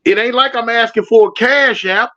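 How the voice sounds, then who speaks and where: Slangy man with a high voice on a livestream. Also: normal speed, sharp tone, dull audio. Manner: reads out viewer comments and begs for likes; loose slangy street talk. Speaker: livestream host. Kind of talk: casual livestream chat.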